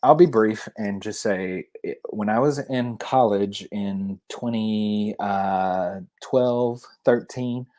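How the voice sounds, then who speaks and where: Man, southern accent, thirties, low voice, rambling, casual podcast guest. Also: slow, few pauses, a little mellow. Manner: rambling with many restarts. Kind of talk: casual chat.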